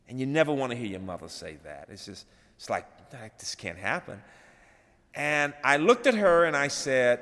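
A middle-aged man giving a dedication speech, telling a personal story and moving from hushed to loud and animated. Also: mid-range voice, moderate pace. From Birmingham, Alabama. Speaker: college president, plenary speaker. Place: large chapel. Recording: long hall reverb.

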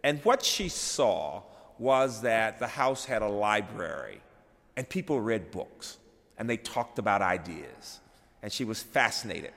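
A man's voice: lowish voice, expressive, a little slow, gravelly, fairly bright tone. A man giving an inspirational address as a speaker, telling a story and building repeated phrases to rising emphasis. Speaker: keynote speaker. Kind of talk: inspirational speech. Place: large chapel. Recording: long hall reverb.

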